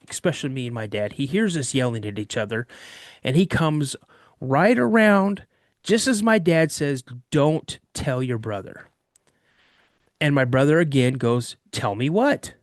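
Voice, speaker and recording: A man from Washington State telling a childhood story in a casual first-person way, acting out the dialogue in quick, animated bursts. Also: medium pitch, no echo, clean studio sound. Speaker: eyewitness recounting a personal encounter.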